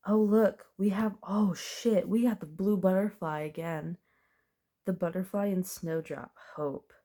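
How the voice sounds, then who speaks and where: A woman's voice: medium pitch, steady tone, unhurried, mellow. A woman doing a casual, chatty tarot reading, thinking aloud as she turns the cards and laughing now and then. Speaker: tarot reader.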